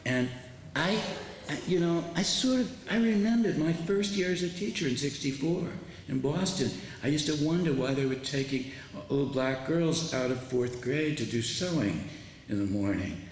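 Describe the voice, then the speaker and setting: A man's voice: a little high, animated, normal speed. A man in his seventies, an author and former teacher, giving a public lecture and telling stories in an impassioned way. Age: 70s. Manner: impassioned, tells stories with quoted dialogue. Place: large lecture hall with an audience. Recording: echoey hall, faint background noise.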